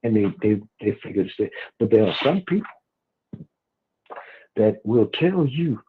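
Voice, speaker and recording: A man's voice: fairly low pitch, lively intonation, moderate pace, long pauses, slight background noise. A male guest talking in a rambling, folksy way over a phone line. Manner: rambling, folksy, repeats words. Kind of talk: casual radio talk.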